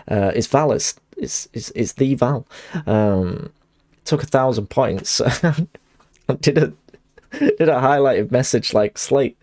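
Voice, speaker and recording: A man's voice: mid-range voice, darkish tone. A young man chatting casually while streaming a game, rambling and laughing at himself. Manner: rambling, self-deprecating, laughs often. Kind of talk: casual chat while gaming.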